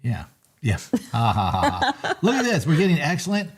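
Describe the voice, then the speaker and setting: A man's voice: fairly high pitch, normal speed, husky. A man hosting a live market recap from his trading desk, chatting casually and joking over the charts. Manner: excitable and joking, bursts of laughter.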